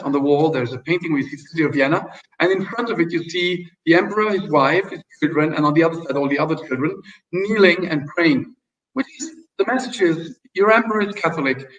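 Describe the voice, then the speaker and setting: A man's voice: on the high side, fairly bright tone. A man telling stories as an interview guest, hesitant with many fillers and restarts, in a casual way. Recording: distant, dull lo-fi sound.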